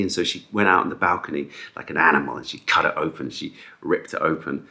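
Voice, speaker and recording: A man's voice: extremely low pitch, fast, creaky. A man vlogging in a casual storytelling style, rambling through anecdotes with fillers and restarts, acting out the people in them. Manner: acts out quoted people with raised animated voice.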